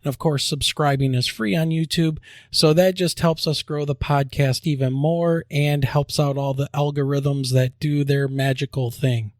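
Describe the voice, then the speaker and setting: A man hosting a podcast, joking around and spelling out web addresses slowly. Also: a little high, fairly even intonation, dry recording, studio quality. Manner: upbeat, jokey promo delivery, spells out web addresses slowly. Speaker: podcast host. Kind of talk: casual podcast chat and announcements.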